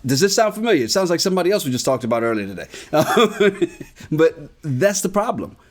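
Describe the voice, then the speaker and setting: Man co-host, lively pitch, slightly high, blunt, cusses, casual recap talk. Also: brisk. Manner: animated, blunt, swears freely. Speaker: podcast co-host.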